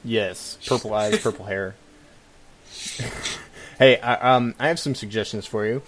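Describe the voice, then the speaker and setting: A man's voice: lowish voice, measured pace, fairly bright tone. A man co-hosting a casual comedic talk show, reading listener questions and mocking them with frequent laughter. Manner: wry, mocking, laughs often. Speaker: podcast co-host. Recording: faint music bed underneath.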